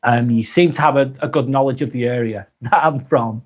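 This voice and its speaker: Lancashire man chatting on a live stream. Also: brisk. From Darwen, near Blackburn, northern England. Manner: reads comments aloud with a lifted voice, then answers in a softer, lower tone. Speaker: live vlog host reading viewer comments. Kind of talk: casual live-stream chat.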